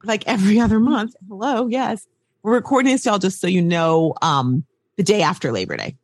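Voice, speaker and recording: A woman co-hosting a podcast, chatting in an animated, rambling way. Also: fairly low pitch, normal speed, dry recording. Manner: animated, rambling, says y'all. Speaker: podcast co-host. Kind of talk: casual chat.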